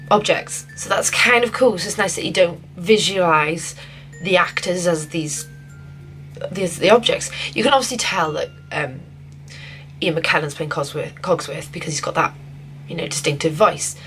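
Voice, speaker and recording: A young woman vlogging a casual film review, gushing and excitable, often restarting her sentences. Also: on the low side, low-quality recording. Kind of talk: casual spoiler review to camera.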